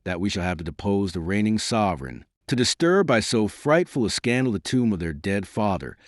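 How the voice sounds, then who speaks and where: A man's voice: fairly low pitch, big pitch swings, a little fast, dry recording, studio quality. A man voicing a shaken royal superintendent who speaks in urgent, alarmed protest. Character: agitated male royal superintendent, middle-aged, shaken.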